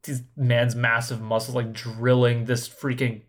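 A man's voice: mid-range voice, level tone, measured pace. A man co-hosting a podcast, chatting casually and eagerly. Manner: eager, enthusiastic. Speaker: podcast co-host. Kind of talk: casual review chat.

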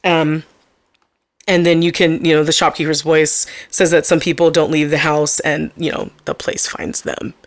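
A woman's voice: deep voice, little pitch movement, normal speed, dry recording. A young woman co-hosting a podcast, casually recapping a horror movie in a rambling way, full of fillers and frequent laughter. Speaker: podcast co-host.

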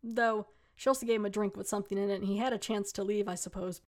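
A woman hosting her own podcast, retelling an episode in a loose, chatty way, full of fillers and little laughs. Her voice sits at an ordinary middle pitch for a woman. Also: fairly even intonation, fast. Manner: chatty, lots of "like", laughs often. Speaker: podcast host reviewing a TV episode. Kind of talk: casual spoken recap.

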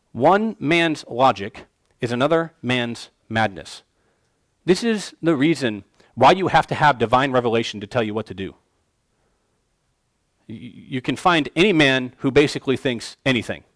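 Emphatic male preacher, fairly high voice. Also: no echo. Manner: emphatic, swings between loud declarations and quiet asides. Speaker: pastor. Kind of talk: expository sermon.

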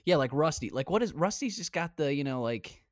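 A man in his twenties hosts a podcast from home, recording virtually on a headset and chatting casually in a brash, teasing way with free swearing. His voice is on the high side, animated and a little fast, with studio-quality sound and no room echo.

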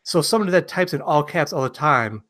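A man co-hosting a podcast in casual banter, animated and quick to laugh, often slipping into mocking quoted voices. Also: a little high. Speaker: podcast co-host.

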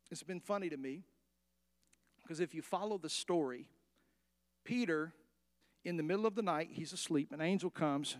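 A pastor preaching a sermon, animated, acting out the story and asking his congregation questions. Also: a little high.

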